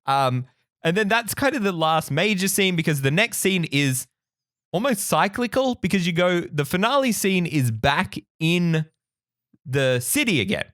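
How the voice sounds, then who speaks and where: A man with a soft Australian accent co-hosting a theme park podcast in casual, animated chat. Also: sits high, dry recording, clean studio sound. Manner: animated, laughs often, quick tangents. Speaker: podcast co-host.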